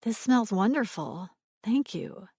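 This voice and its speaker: A woman voicing a kind young woman who coaxes a small child in a soft, sing-song voice. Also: medium pitch, sing-song, slow pace, husky, no echo, studio quality, full character voice. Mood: coaxing.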